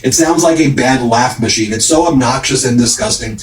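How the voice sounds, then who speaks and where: A man's voice: mid-range voice, normal speed. A man hosting political commentary, reading social media posts aloud with emphatic, mocking delivery and adding his own remarks. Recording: roomy echo.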